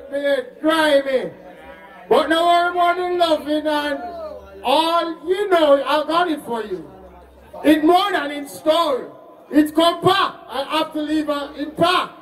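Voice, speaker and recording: A Jamaican man working as the MC of a live stage show, calling shout-outs to the crowd. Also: very high voice, distant mic, poor audio. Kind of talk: live MC hype talk.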